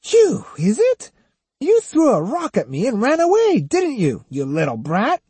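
A sly, teasing woman of the night, put on by a male reader in an audiobook. She mocks and coaxes in a high, sing-song lilt, her tone swooping up and down. The voice is husky and close, in a dry room. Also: huge pitch swings, unhurried, dark tone, dry recording, heavily acted. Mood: scornful. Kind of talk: audiobook character voice.

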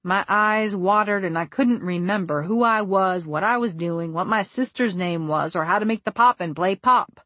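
A woman narrating a first-person story for an audiobook in a measured, wry and deliberate way, close on the mic. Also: mid-range voice, fairly bright tone, dry recording.

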